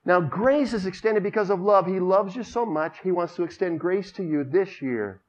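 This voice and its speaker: A man's voice: high-pitched, normal speed. A man preaching a sermon, telling stories and asking his congregation for responses. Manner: storytelling, asks the congregation for responses. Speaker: pastor. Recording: dull lo-fi recording.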